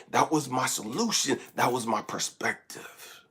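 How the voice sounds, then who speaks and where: A man from California, a life coach, telling a personal story that swings between loud emphatic bursts and hushed asides. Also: medium pitch, measured pace, slightly rough. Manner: often asks "you know what I mean?". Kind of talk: motivational storytelling.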